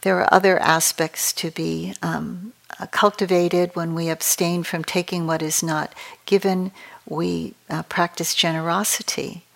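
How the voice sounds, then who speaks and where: A woman meditation teacher gives a dharma talk at a retreat, her voice sitting a little low. She speaks slowly and calmly, with a measured and reflective delivery. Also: gravelly.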